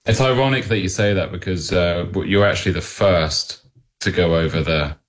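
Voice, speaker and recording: A man's voice: deep voice, moderate pace. A man with an English accent, a musician guest chatting casually and joking in a rambling way. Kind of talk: casual interview chat.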